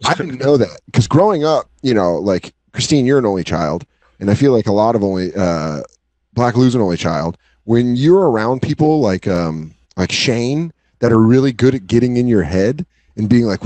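Animated man telling crude stories. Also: normal speed, no echo. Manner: animated, swears freely, acts out quotes in high yelps. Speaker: podcast co-host. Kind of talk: casual comedic storytelling.

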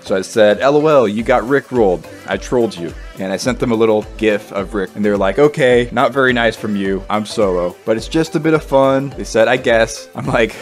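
A man's voice: lowish voice, brisk, hardly any pauses, soft background music. A man chatting about a game and reading out players' messages in a joking, playful way. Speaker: gaming YouTuber. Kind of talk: casual gameplay commentary.

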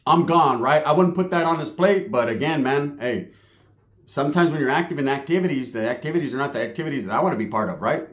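A man's voice: medium pitch, quick pace, fairly bright tone, echoey room. A middle-aged man telling a long street story, profane and streetwise, peppered with Spanish slang. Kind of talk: casual storytelling monologue.

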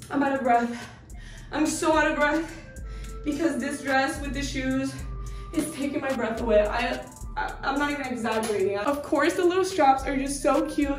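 A woman's voice: high voice, recorded from a distance. A young woman chatting casually in a fashion try-on vlog, gushing and bubbly, full of "like" and "so cute". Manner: bubbly, gushing, filler-heavy. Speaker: fashion vlogger. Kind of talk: casual try-on haul chat. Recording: echoey room, voice set back from the mic.

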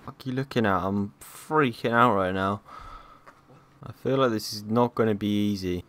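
Jumpy swearing gamer. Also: male voice, fairly low pitch, moderate pace, fairly bright tone. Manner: jumpy, swears and yelps at scares. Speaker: gaming YouTuber. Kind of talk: horror gameplay commentary.

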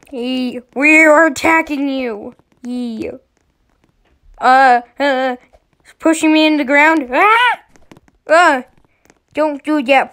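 A woman giving casual gameplay commentary, excitable, often shrieking and giggling as she plays. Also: high voice.

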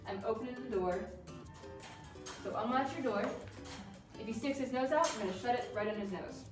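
A woman dog trainer explaining crate training in a calm, firm way while working with a dog. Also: a little high, brisk. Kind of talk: instructional demonstration. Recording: roomy sound from a distance with music.

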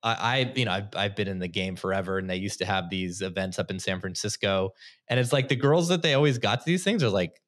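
A man's voice: low-pitched, quick pace, fairly bright tone. A man hosting a casual podcast chat, hesitant with many restarts and frequent laughter. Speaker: podcast host.

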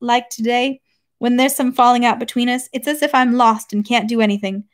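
A good-humored noble husband, bantering and teasing his wife with easy affection, read by a woman in her own fairly high voice. The tone stays light and conversational. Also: steady tone, brisk, lightly acted.

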